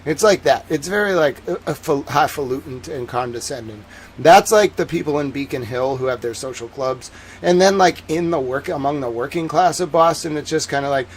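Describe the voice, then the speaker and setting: A man with a Massachusetts accent hosts a livestream. He chats in a loose, rambling way at a middling pitch and leans heavily on "like" as he works out his thoughts. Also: moderate pace, slight background noise. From Massachusetts, USA. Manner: rambling, heavy use of "like" fillers. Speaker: livestream host. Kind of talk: casual livestream chat.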